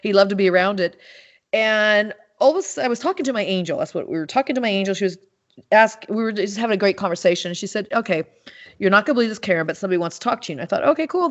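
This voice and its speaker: A woman guest on an interview show, telling stories animatedly with frequent restarts and fillers. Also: mid-range voice. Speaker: podcast guest, animal communicator. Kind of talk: casual interview talk. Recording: dull lo-fi sound.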